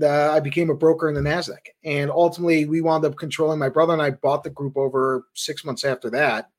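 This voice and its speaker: A man, the founder of a trading firm, recounting his career in a casual, animated storytelling way as a podcast guest. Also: a little high. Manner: animated anecdotes, quick asides.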